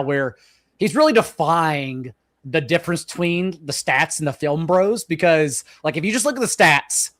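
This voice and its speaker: A man's voice: a little high, fairly bright tone. A man in a casual sports chat giving enthusiastic opinions and repeating words as he starts sentences. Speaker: sports analyst guest.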